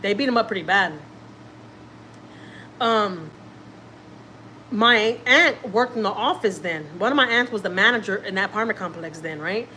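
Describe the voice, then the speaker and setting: A woman's voice: medium pitch, normal speed, pauses often, pushed and bright, a little hiss or hum. A woman, a family vlogger, telling a personal story casually and acting out what people said, repeating herself often. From Houston, Texas. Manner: chatty, repeats herself, acts out quotes.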